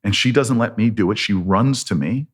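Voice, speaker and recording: With a lowish, slightly breathy voice and a moderate pace, a man in his fifties with an American accent holds forth as a politician guest. He animatedly narrates a long story, voicing both sides of every conversation.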